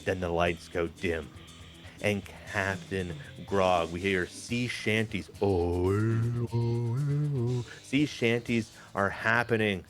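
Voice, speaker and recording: A man casually telling the story of his wrestling game matches, jokey and animated. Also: slow, faint music behind. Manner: animated, jokey, briefly puts on high-pitched character voices. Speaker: host booking a wrestling game.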